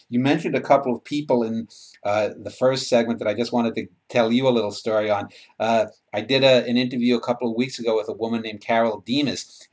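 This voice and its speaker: A man in his fifties from New York hosts an interview, his voice sitting in an ordinary middle pitch. He wanders into side stories with plenty of "uh"s and restarts. He is heard through a video-call microphone. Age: 50s. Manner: rambling, with many "uh" and restarts while telling side stories. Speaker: interviewer and host. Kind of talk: casual interview talk.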